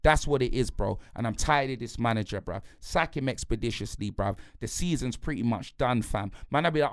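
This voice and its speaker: A man's voice: mid-range voice, fairly quick, few pauses, dry recording, clean studio sound. A man ranting angrily about his football team, in heavy slang. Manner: heated, slangy, repetitive, punctuates lines with "blood" and "fam". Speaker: football fan pundit. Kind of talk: angry football rant.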